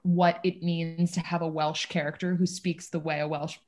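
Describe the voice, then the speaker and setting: A woman in a casual discussion of a play, rambling and animated, with many restarts and fillers. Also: sits low, normal speed. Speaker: discussion participant.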